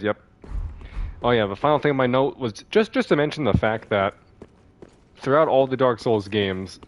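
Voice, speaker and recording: A man giving casual commentary as he plays a video game, chatty and thinking aloud as he reacts to the game. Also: medium pitch. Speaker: let's play host.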